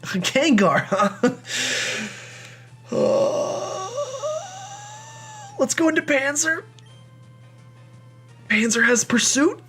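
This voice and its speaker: Chatty young man with a high voice. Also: expressive, very slow, pauses often, pushed and bright, soft background music. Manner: chatty, rambling, self-deprecating. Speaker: let's play host. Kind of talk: game commentary.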